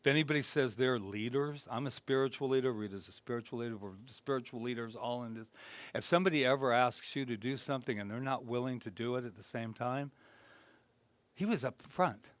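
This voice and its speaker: A male minister giving a conversational sermon, telling self-deprecating, humorous stories and swinging between loud bursts and hushed earnest moments. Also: mid-range voice, fairly quick, no room sound.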